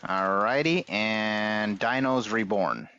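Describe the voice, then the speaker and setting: A man's voice: lowish voice, takes it slowly, a little hiss or hum. A man hosting a casual group chat, going through a list of games and pushing the others for answers. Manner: animated, hurrying the others along. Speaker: podcast host running a game rating list. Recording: dull lo-fi sound.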